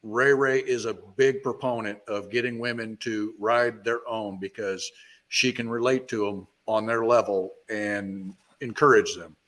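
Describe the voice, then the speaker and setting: A man's voice: fairly low pitch, fairly even intonation, measured pace, a bit bright. Joking man in casual group chat.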